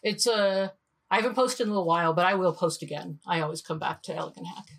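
A woman in her fifties, a podcast guest, telling stories in a lively way and acting out the voices in them. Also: on the low side, fast talker. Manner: animated storyteller, acts out voices. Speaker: guest, design leader. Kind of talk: podcast interview storytelling.

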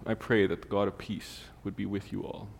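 A man's voice: on the low side, level tone, brisk, creaky, long reverb tail. A man preaching a sermon in an easygoing, humorous way, mixing everyday stories and asides with Bible readings.

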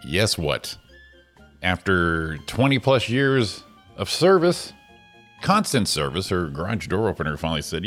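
A man's voice: deep voice, big pitch swings, measured pace, a bit bright, soft background music. A man co-hosting a casual morning show, joking, laughing often and swearing casually. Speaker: co-host.

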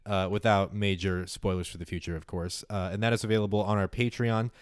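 Man, game master, relaxed narration, smooth voice, dry close sound. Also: lowish voice, fairly quick, no echo. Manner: relaxed, matter-of-fact narration with fillers. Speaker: game master and podcast host.

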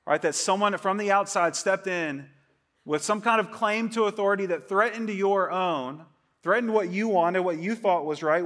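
A middle-aged male pastor preaching a sermon to a church congregation in a conversational way, often checking in with "right?" and acting out quoted voices. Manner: conversational, keeps asking "right?"; acts out quoted voices with a rising, louder pitch.

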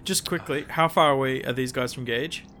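An eager man plays a tabletop game and fires off quick rule questions. His voice sits in a middle pitch. There is a faint hiss behind him. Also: sharp tone. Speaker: player.

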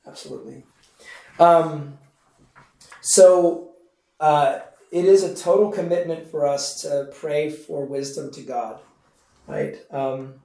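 A man's voice: on the high side, creaky, warm tone. A man who is a pastor, teaching a Bible study class in a casual, conversational way with many fillers, recorded in an echoey room from a distance. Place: church classroom. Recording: echoey room, mic far off.

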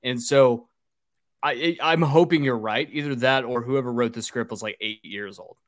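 A man's voice: mid-range voice, moderate pace, no room sound, studio quality. A man hosting a casual podcast, recapping a film's plot in a loose, rambling way with fillers and swearing. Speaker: podcast host recapping a film.

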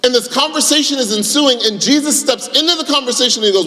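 A man's voice: extremely high pitch, fast, hardly any pauses, bright, forceful tone, long reverb tail. A man preaching a sermon in a conversational storytelling manner, acting out the voices in his story. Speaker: pastor.

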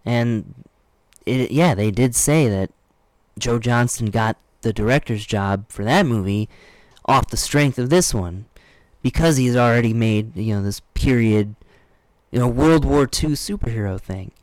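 A man's voice: medium pitch, a little slow, no echo. A young man co-hosting a podcast, talking casually and rambling through fillers. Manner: rambling, relaxed, trails off into fillers. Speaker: podcast co-host. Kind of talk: casual chat.

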